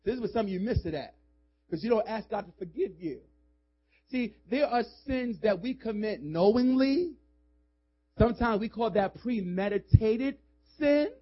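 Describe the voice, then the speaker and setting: A male pastor preaching a sermon with emphasis, swinging from shouts to hushed asides. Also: high voice, expressive, moderate pace, husky. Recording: dull lo-fi recording.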